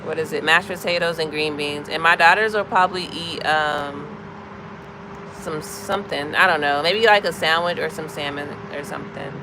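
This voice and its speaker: This American woman in her thirties runs a casual live chat, calling out viewers by name as she moves through their comments. She has a low voice and talks at a normal speed, with noise audible behind her.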